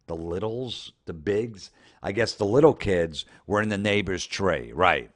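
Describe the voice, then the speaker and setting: A man with a lowish voice rants through social media posts in comedic commentary. He is sarcastic and openly incredulous, and he swears freely as he mocks each line. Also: lively intonation, unhurried. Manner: sarcastic, incredulous, profane ranting. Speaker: comedian host.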